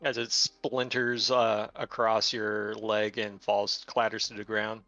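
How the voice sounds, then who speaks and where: A man narrating a tabletop game as game master, with many pauses and fillers. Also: fairly low pitch, little pitch movement, pushed and bright, no room sound, lo-fi sound, soft background music.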